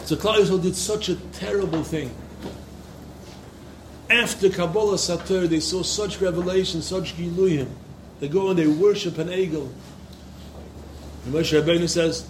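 A man's voice: high voice, steady tone, normal speed, pauses often, background noise. A man giving an impassioned Torah lecture to yeshiva students, repeating phrases for emphasis. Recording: echoey room.

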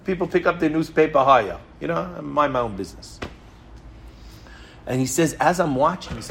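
A man's voice: fairly high pitch, animated, moderate pace, creaky, pauses often, slight background noise. A man giving a sermon as a rabbi. He speaks emphatically, tells stories, repeats his points and asks rhetorical questions. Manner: storytelling.

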